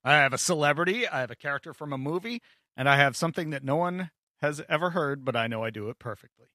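Radio co-host guy, deadpan and playful, bright tone. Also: fairly high pitch, fast, dry recording, studio quality. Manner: playful, deadpan about his impressions. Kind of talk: casual banter.

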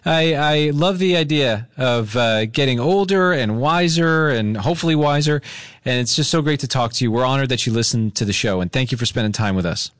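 A man's voice: mid-range voice, brisk, fairly bright tone, no echo, studio quality. A man hosting a radio call-in show, upbeat and playful with the caller.

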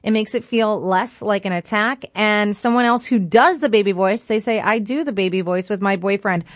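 A woman's voice: medium pitch, normal speed, no room sound, clean studio sound. Frank woman reading listener comments on radio. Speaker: radio show co-host. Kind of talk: casual radio chat.

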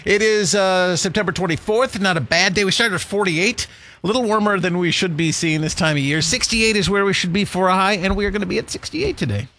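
A man's voice: sits high, a little fast, pushed and bright. A man hosting a morning radio show in a studio, chatting in a rambling, jokey way and telling stories. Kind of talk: casual radio banter.

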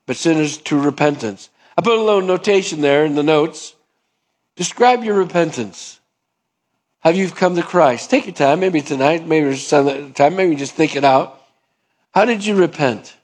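Preaching man who acts out dialogue. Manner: acts out dialogue, swinging pitch up and down for imagined people; asks the congregation questions. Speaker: pastor. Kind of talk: sermon.

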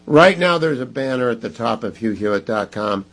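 A man's voice: mid-range voice, lively intonation, moderate pace, a bit bright, rough recording. A man hosting a talk radio show, speaking emphatically and pressing listeners to give. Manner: emphatic, pleading and scolding listeners.

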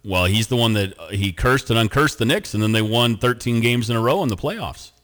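A man's voice: medium pitch, fairly quick, fairly bright tone. A male radio show host in casual, playful banter, laughing often.

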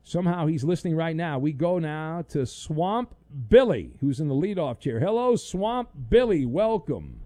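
A man's voice: fairly high pitch, big pitch swings, moderate pace, few pauses, no room sound. A man hosting a sports talk show, loose and jokey, reading listener messages and taking calls. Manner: loose, jokey, bursts into loud mock outrage.

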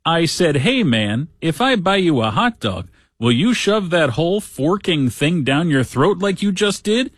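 A man acting out an excitable male baseball fan, telling his story with a raised, astonished delivery. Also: fairly high pitch, measured pace, no room sound, voice pushed up. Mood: amazed.

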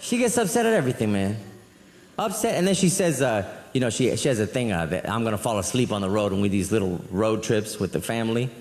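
A man doing a stand-up routine, rambling and animated through his stories with frequent asides. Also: on the low side, fast. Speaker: stand-up comedian. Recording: echoey live hall, faint crowd.

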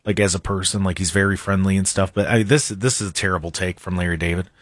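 A man's voice: low-pitched, steady tone, fast talker, dry recording, studio quality. A man hosting a political talk show, mocking and sarcastic in his commentary.

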